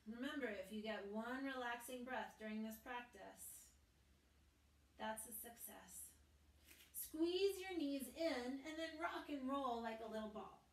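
A woman teaching a gentle family yoga class, calmly cueing breaths and poses and adding playful asides for children. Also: fairly high pitch, a little slow, a little hiss or hum. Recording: roomy echo, mic at a distance.

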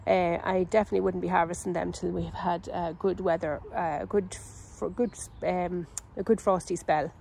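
An Irish woman giving a casual, unhurried walkthrough of her vegetable garden outdoors, chatty and full of ums and self-corrections. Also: lowish voice, fairly even intonation, creaky, darkish tone, slight background noise, poor audio. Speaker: home gardener and channel host.

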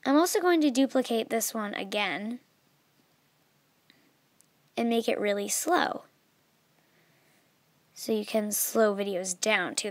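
A young woman explaining an app in a casual, chatty way, with many fillers and a voice that trails off softly. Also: mid-range voice, takes it slowly, long pauses, soft background music. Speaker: video tutorial maker. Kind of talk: casual screen tutorial.

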